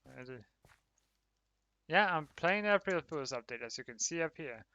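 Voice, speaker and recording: A man's voice: on the high side, expressive, normal speed, pushed and bright, dull audio. A man chatting casually with viewers while streaming a game, laughing often and talking to his chat. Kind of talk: casual livestream commentary while gaming.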